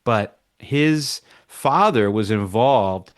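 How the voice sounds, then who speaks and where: A man's voice: on the low side, lively intonation, extremely slow. A man speaking as a reporter guest on a radio talk show, thoughtful and searching for words.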